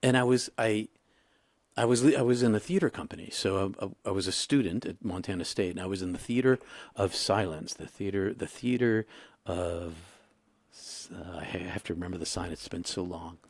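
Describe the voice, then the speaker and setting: A man in his sixties, a guest in an interview, telling his story in a halting way with many restarts. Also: deep voice, dry recording. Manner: halting, repeats and restarts, emotional retelling.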